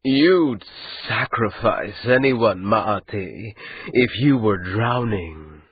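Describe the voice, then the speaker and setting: A man voicing an amused, cruel male spirit held captive, speaking in a slow, calm, mocking drawl. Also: fairly low pitch, husky, dry recording, highs cut off, full character voice. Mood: coldly calm.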